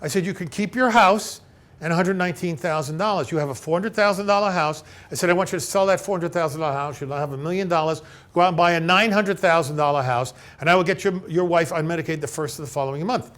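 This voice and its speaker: A man with a voice pitched a bit above most men's leads a seminar in front of a live audience. He tells his client stories with plenty of animation, acting out both sides of each conversation, and keeps checking that the room is following him. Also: fast, a bit bright. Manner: checks in with the audience with frequent "okay?". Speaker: elder law attorney giving a seminar. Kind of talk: conversational seminar talk with retold client dialogues.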